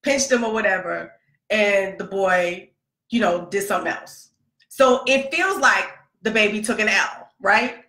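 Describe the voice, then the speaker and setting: Bright-voiced woman telling a story. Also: mid-range voice, a little slow. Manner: animated, laughing, acts out quotes. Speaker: podcast host, mother. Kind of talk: casual storytelling monologue. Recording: echoey room.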